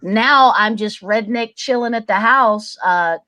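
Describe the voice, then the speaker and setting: A woman's voice: on the high side, unhurried, bright, forceful tone. Laid-back, folksy woman guest. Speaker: podcast guest. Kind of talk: casual chat.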